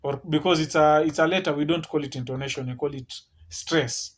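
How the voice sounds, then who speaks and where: A man's voice: on the high side, steady tone, brisk. A man giving a screen-share tutorial on academic writing, explaining step by step with many restarts and tag questions like "eh?" and "okay?".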